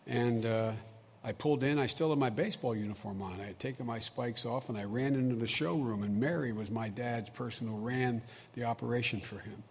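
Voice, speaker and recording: A man's voice: mid-range voice, fairly quick, slightly rough. An older man giving a folksy, emphatic public speech full of personal stories. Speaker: vice president giving a speech. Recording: long hall reverb, faint ambient noise.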